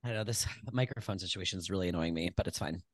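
A man co-hosting a casual podcast chat, joking and teasing with lively energy, on a desk mic in a dry room. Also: low-pitched, quick pace, no room sound. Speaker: podcast co-host. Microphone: desk mic on a short stand.

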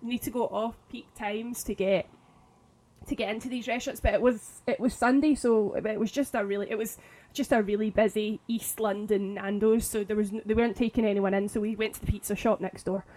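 A woman's voice: medium pitch, fairly even intonation, a little fast, mellow, rough recording. A woman in her thirties with a slight lisp, co-hosting a podcast and telling a rambling date story. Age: 30s. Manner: chatty storyteller, many restarts and laughs. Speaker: podcast co-host. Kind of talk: casual chat.

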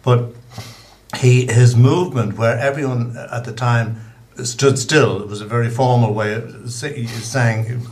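A man chatting as a radio studio guest, hesitant with many fillers, then telling jokes with a steady delivery. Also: mid-range voice, unhurried.

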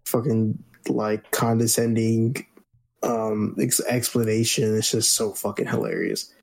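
A man with a fairly low voice chatting as a podcast co-host. He talks in a relaxed way. He often stalls and restarts his sentences. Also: unhurried, vocal fry. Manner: relaxed, hesitant with many restarts. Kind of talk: casual chat.

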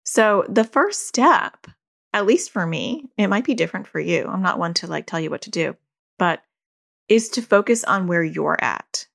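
A woman's voice: fairly low pitch, expressive, normal speed, vocal fry, a bit bright. A woman, a parent who hosts a podcast, talking candidly in a loose, conversational way and often saying "like". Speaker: podcast host. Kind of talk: casual reflective parenting talk.

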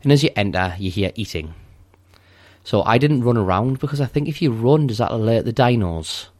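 A man's voice: mid-range voice, expressive, fairly quick, darkish tone, no echo. A man co-hosting a casual podcast, recounting a video game level step by step in a methodical way. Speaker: podcast co-host. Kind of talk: casual game walkthrough chat.

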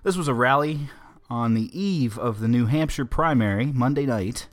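A man's voice: medium pitch, moderate pace. A man hosting a political podcast, giving opinionated, emphatic commentary in a conversational way. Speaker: podcast host.

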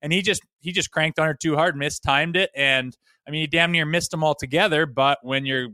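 Blunt bright-voiced hockey man. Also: fairly high pitch, brisk, clean tone, dry recording, studio quality. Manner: blunt, folksy, animated hockey analysis. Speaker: co-host, former player. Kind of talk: casual sports talk.

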